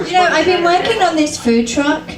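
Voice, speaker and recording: A woman's voice: extremely high pitch, animated, fairly quick. A British woman doing a chatty, self-mocking stand-up comedy set with frequent ums. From Britain. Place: comedy club stage. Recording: echoey club, mic at a distance, faint room noise.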